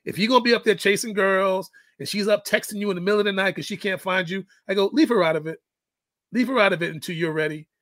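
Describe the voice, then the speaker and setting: A man's voice: high-pitched, fast, fairly bright tone, dry recording. A middle-aged man and father telling a parenting story in casual chat, acting out the quoted lines. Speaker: guest, fitness coach and father.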